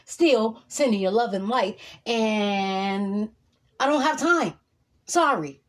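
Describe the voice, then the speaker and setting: A woman's voice: medium pitch, expressive, unhurried. A woman giving an emphatic, profane motivational monologue as a vlogger, repeating lines for emphasis.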